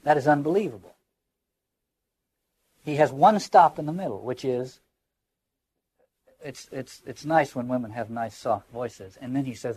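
A man's voice: mid-range voice, unhurried, pauses often, a little mellow, slightly rough. A man lecturing on literature, reflective, often restarting words as he searches for phrasing and reading quoted lines aloud with emphasis.

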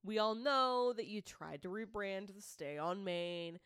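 A woman's voice: medium pitch, a little slow, a bit bright, clean tone, no room sound. Boston-accented woman, dry close sound. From Massachusetts. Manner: chatty, laughs often, earnest when serious. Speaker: podcast co-host. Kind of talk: casual chat.

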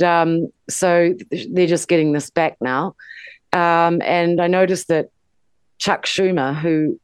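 A woman's voice: sits low, smooth, no room sound. A woman on a political panel, talking in a forthright, opinionated way and reading out details. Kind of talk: casual panel discussion.

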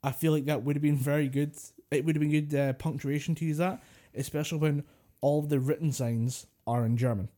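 A man's voice: on the high side, steady tone, fairly quick, hardly any pauses, dark tone. A man co-hosting a podcast, chatting casually about films and laughing at his own jokes. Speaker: podcast co-host. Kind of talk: casual chat.

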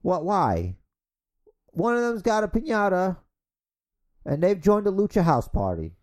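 A male podcast host who talks fast and crude, calling made-up wrestling action with big swings in his voice. He sits a little high for a man, animated and loud-mouthed. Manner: energetic, crude, fast-talking. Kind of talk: mock wrestling play-by-play and casual chat.

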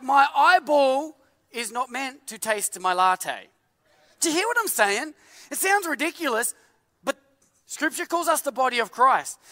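A man in his thirties preaching a sermon in a church, animated and joking, full of filler words. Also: very high voice, dry recording, big-room sound. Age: 30s. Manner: animated, jokey, many filler likes. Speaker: pastor.

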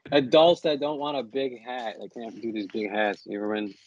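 A man's voice: mid-range voice, moderate pace, lo-fi sound. A young man co-hosting a podcast in casual chat, rambling and laughing, often sliding into mock voices. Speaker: podcast co-host.

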